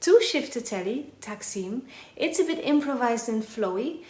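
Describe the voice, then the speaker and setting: Energetic woman teaching a dance class. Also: fairly high pitch, moderate pace, background noise. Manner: energetic, counts and sings rhythms while dancing. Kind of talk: live online dance class. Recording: echoey room with faint music.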